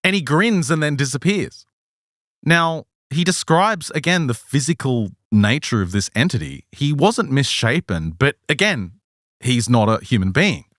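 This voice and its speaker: Male podcast host, slightly sick, animated storyteller, dry close mic. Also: medium pitch, unhurried, no echo. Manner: lively, laughs often while telling. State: a little sick. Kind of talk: casual storytelling chat.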